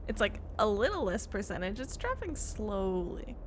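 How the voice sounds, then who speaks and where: A woman's voice: mid-range voice, big pitch swings, normal speed, a little hiss or hum. A woman player chatting casually before an online tabletop game session, laughing often between words. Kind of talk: casual pre-session chat.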